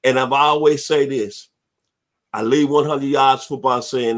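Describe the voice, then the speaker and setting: Man, sports radio host, heartfelt, shouts out his team, mid-pitched voice. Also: steady tone, measured pace. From Memphis, Tennessee. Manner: heartfelt, preacher-like shout-outs. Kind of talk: casual sports radio talk.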